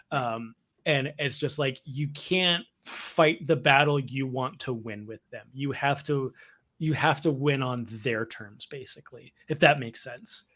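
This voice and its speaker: A man hosting a live podcast discussion, talking in a rambling, animated way with frequent restarts. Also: on the high side. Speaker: podcast host.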